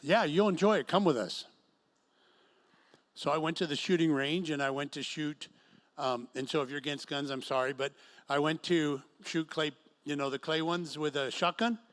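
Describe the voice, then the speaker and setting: A man's voice: a little high, fairly even intonation, moderate pace, fairly bright tone. A middle-aged man preaching a sermon to a singles group in an event room, telling stories and acting out quotes. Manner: storytelling with acted quotes. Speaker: pastor.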